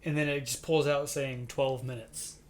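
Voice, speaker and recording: A man co-hosting a casual podcast who tells stories in an animated way and acts out the quoted lines. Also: mid-range voice, normal speed. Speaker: podcast co-host. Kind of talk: casual chat.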